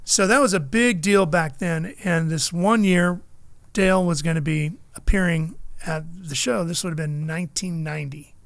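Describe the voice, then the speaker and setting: A man's voice: on the high side, normal speed, creaky, dry recording. A middle-aged man, a motorsports broadcaster, telling stories in a casual chat and acting out the people he quotes. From California. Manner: animated storyteller, acts out quotes.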